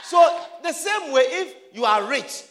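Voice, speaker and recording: High-voiced preacher shouting in a reverberant church. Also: male voice, animated, unhurried, a faint crowd. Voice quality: emphatic, often shouting and repeating phrases. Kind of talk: sermon.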